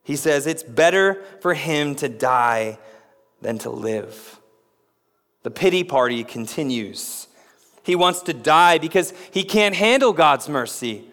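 High-voiced preacher in an echoing church. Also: male voice, animated, slow pace, fairly bright tone. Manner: dramatic delivery, rising to emphatic peaks then dropping low. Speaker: pastor. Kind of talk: sermon.

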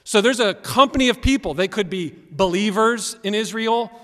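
A man preaching a sermon as pastor, animated and emphatic, swinging between loud and quiet. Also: sits high, normal speed. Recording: long reverb of a large hall.

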